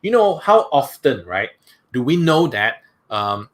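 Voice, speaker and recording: A man's voice: medium pitch, big pitch swings. Man, workshop speaker, guided breathing exercise, soothing, reassuring. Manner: slow soothing guidance, repeating "that's right" often.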